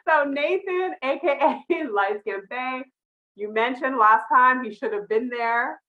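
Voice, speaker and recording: A woman's voice: high-pitched, unhurried, bright, forceful tone, muffled recording. A woman talking casually about a TV show, chatty and laughing through her lines. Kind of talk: casual TV recap chat.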